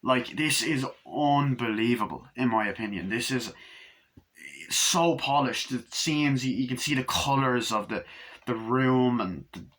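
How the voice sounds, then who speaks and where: A male film reviewer with a medium-pitched, expressive, fairly bright voice talks at a measured pace. His monologue is casual and rambling, packed with excitement and frequent profanity.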